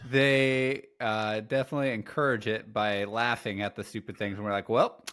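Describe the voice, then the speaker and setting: A man's voice: lowish voice, little pitch movement, moderate pace, fairly bright tone, smooth. A young man co-hosting a comedy podcast, telling stories in a laid-back, chuckling way. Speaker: podcast co-host. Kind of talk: casual comedic chat.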